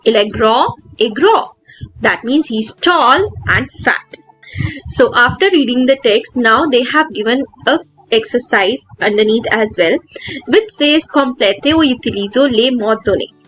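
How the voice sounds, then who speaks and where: A woman, patiently explaining a textbook lesson as a French teacher and slowing down to pronounce each word. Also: on the high side, animated, fairly bright tone, soft background music, rough recording. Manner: patient, slows down to pronounce words.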